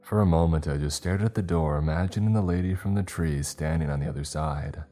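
Very deep-voiced man narrating horror. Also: dark tone, faint music behind. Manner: measured, low-key storytelling. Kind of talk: scripted first-person horror narration.

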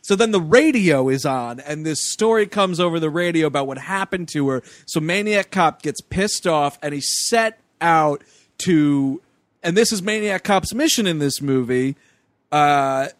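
A man co-hosting a podcast, recapping a movie in casual chat with an animated, sarcastic manner. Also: a little high, a little slow, dry recording, studio quality. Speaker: podcast co-host.

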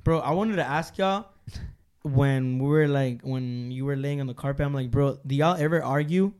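A man's voice: medium pitch, normal speed, a little mellow, clean tone. Slangy, laid-back young man. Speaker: musician guest. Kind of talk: casual chat.

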